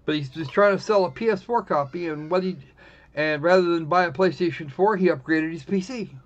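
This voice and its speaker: Through muffled, lo-fi stream audio comes a high-pitched man speaking a little fast. He's hosting a live stream, rambling wryly in casual chat and frequently correcting himself mid-sentence.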